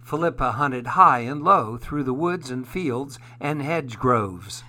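Slow, bright-voiced male storyteller. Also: mid-range voice, lively intonation. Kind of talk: children's story narration.

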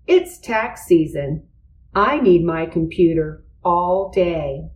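A woman's voice: lowish voice, lively intonation, takes it slowly, dull audio. A woman voicing a busy, firm but kind mother in a storybook reading.

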